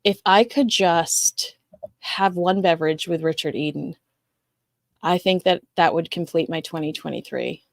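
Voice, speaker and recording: A woman's voice: fairly low pitch, unhurried, creaky, no room sound. Chatty woman host, dry sound. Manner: chatty, rambling, reacts to viewer comments. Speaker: show host reading live chat. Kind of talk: casual livestream chat.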